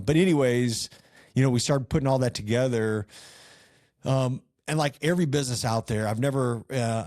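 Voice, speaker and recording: On a podcast, a middle-aged guest from rural northeast Missouri casually recounts his founding story, earnest and rambling, full of fillers and restarts. His voice is fairly low with a darkish tone. The sound is dry and close, with no echo and little sense of the room.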